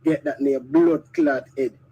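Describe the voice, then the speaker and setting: A woman's voice: a bass voice, steady tone, unhurried, warm tone, dull audio, slight background noise. A woman with a Jamaican accent ranting angrily in patois in a played video clip, full of insults and swearing.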